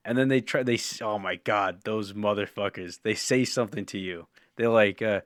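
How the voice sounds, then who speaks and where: A man with a lowish voice hosts a live-streamed podcast in a loose, rambling chat. He swears freely and laughs often. The sound is dry and close. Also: moderate pace, hardly any pauses, a bit bright, dry recording. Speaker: podcast host.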